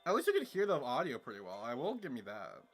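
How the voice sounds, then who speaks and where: A man in his twenties streaming a reaction, excitable and laughing, swearing often. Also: medium pitch, fast, slightly rough, faint music behind. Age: 20s. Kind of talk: livestream reaction commentary.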